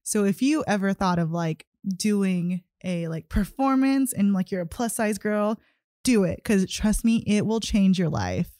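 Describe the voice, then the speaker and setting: A woman's voice: medium pitch, animated, measured pace, mellow, no echo, studio quality. A young woman hosting a solo podcast in a casual, gushing way, full of "like" and "you know". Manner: giddy, gushing, heavy use of "like". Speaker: podcast host.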